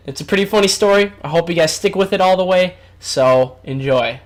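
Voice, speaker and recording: A man in his twenties telling a story to his viewers in an animated, chatty vlog style. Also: a little high, fairly quick, hardly any pauses. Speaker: vlogger.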